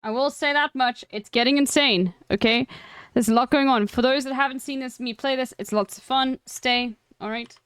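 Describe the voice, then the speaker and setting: Streaming a game live, this young woman keeps up a loose, chatty commentary full of swearing and self-mockery. She speaks in a high-pitched, slightly bright, smooth voice at a moderate pace, and there's no room sound.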